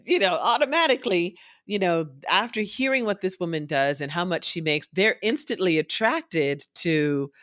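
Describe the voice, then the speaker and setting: A woman's voice: fairly low pitch, moderate pace, few pauses, no room sound, clean studio sound. A woman guest, a nonprofit founder, telling stories in an interview and acting out other people's lines as she goes. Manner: animated storyteller who acts out others' voices. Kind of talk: conversational interview storytelling.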